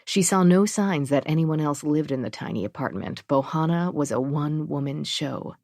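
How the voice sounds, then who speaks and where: A woman narrating a thriller audiobook in a steady, even reading. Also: low-pitched, moderate pace, few pauses, dry recording, studio quality.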